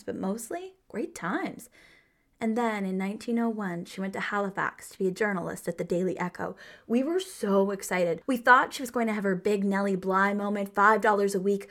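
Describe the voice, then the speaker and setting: Playful woman podcast co-host, gravelly. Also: medium pitch, fairly quick, fairly bright tone. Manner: emphatic and playful, with big swings of feeling. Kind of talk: scripted podcast narration.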